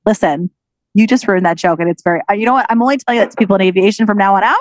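A woman's voice: mid-range voice, very fast, no echo. A young woman chatting as a podcast guest, joking and teasing with loose, playful swearing. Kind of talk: casual podcast chat.

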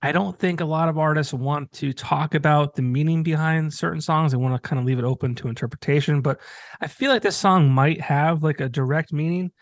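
A man's voice: a little high, a little fast, no echo. A man hosting a podcast, encouraging his guest and often restarting his sentences. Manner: hesitant, many restarts, encouraging. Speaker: podcast host. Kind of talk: casual podcast interview.

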